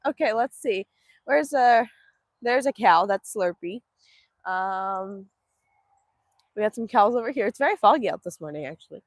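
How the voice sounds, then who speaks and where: A woman's voice: mid-range voice, animated, moderate pace, long pauses, dry recording. A woman from Northeast Texas, hosting a casual livestream from an outdoor cow pen. She chats affectionately, answers viewer comments and coos to the animals in a sing-song baby voice. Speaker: livestream host.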